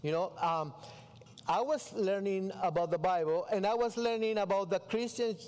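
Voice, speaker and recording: A man's voice: sits high, normal speed, a little mellow, long reverb tail. A pastor from Mexico with a Mexican Spanish accent, telling his story in a sermon in broken English and acting out his own dialogue. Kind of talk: sermon testimony. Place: church.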